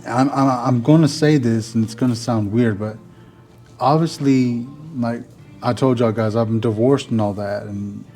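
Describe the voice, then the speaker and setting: A man's voice: medium pitch, normal speed, soft background music. A man, telling a rambling story to his vlog audience in a casual way, full of "like" and "you know". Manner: rambling, filler-heavy, animated when retelling. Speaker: vlogger.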